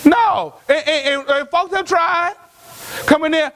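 High-voiced, animated male preacher. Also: unhurried. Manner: animated, preachy, shouts for emphasis. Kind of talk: sermon.

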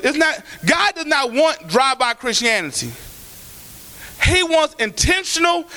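A very high-pitched man preaching from the pulpit, his voice leaping up and down with lively, animated swings. The tone is bright and sharp, and he moves from shouted declarations to softer, colloquial asides aimed at the people in the pews. It is a fervent church sermon. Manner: colloquial, calls out to the congregation. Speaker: pastor.

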